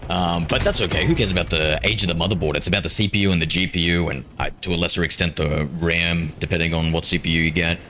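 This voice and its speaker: Deep-voiced gaming streamer. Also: male voice, fairly even intonation, fast, few pauses, pushed and bright, a little hiss or hum. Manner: chatty, rambling with many ums. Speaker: game streamer. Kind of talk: casual live-stream chat.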